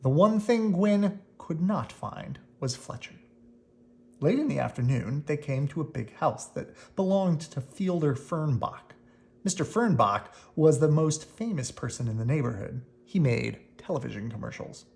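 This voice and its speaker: A reader narrating a children's mystery book as a bedtime read-aloud, expressive and pausing to show pictures. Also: medium pitch, creaky.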